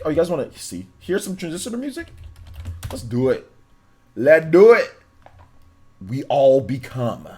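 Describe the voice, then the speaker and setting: A man's voice: on the high side, very animated, measured pace, long pauses, dark tone, slightly rough. A young man hosting a livestream in casual chat, reading donations with laid-back slangy banter and frequent laughter. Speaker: livestream host.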